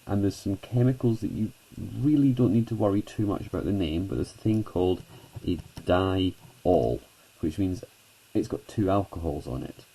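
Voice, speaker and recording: A man's voice: deep voice, moderate pace, warm tone, breathy edge, low-quality recording. A man teaching a chemistry lesson at a whiteboard, chatty and self-deprecating, talking students through each step.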